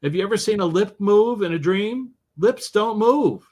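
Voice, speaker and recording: A male author talks through an interview with the animated energy of a storyteller. His voice sits a little on the high side and jumps up and down as he explains his ideas. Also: moderate pace. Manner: animated storyteller with wide pitch swings. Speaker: author and guest. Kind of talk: interview conversation.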